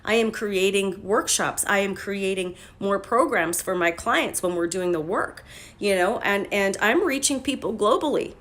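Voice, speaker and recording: A woman life coach talking casually on a phone livestream. She is blunt and profane and breaks into loud, emphatic bursts. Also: mid-range voice, expressive, normal speed. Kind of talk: casual motivational livestream talk.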